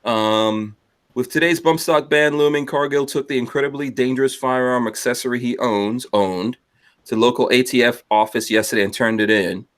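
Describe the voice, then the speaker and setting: Podcast host, male, mid-pitched, rambling casual delivery with filler words. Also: moderate pace, fairly bright tone. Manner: rambling, teasing, many fillers.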